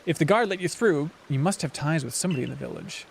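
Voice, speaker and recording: A man's voice: fairly high pitch, expressive, fast talker, gravelly, slight background noise. A man reading the lines of a wary young female villager plainly.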